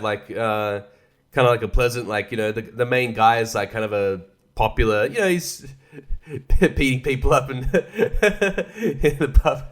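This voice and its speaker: A man's voice: medium pitch, expressive, moderate pace. A young man hosting a casual solo podcast, rambling, swearing a lot and laughing often. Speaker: podcast host.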